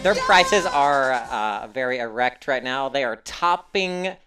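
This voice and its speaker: A man's voice: medium pitch, animated, takes it slowly. A male podcast host with a slight cold, chewing gum, reading news items in a casual, playful way with jokey asides.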